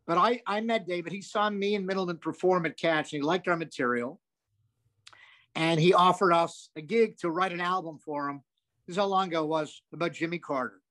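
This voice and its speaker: An older male comedian spinning long, animated stories in an interview. His voice sits a bit high, and he curses freely and wanders into asides. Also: fairly quick. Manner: animated, profane, rambling with asides. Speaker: comedian guest. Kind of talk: anecdotal storytelling.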